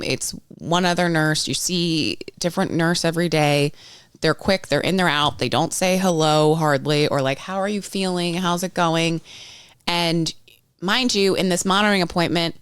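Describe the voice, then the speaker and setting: A low-pitched woman in her thirties tells her story frankly on a podcast, swearing freely and slipping into the voices of the people she quotes. Her voice is smooth and clean. It is recorded dry and close, with no room sound. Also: normal speed, no echo. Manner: frank, swears freely, acts out others' lines. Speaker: podcast guest. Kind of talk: candid storytelling chat.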